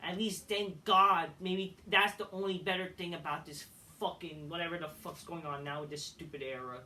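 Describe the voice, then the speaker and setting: A man's voice: on the high side, fairly even intonation, moderate pace, pushed and bright, recorded from a distance, a little hiss or hum. A man reviewing a wrestling show in a blunt, profane rant with frequent restarts, recorded away from the mic. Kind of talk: ranting commentary.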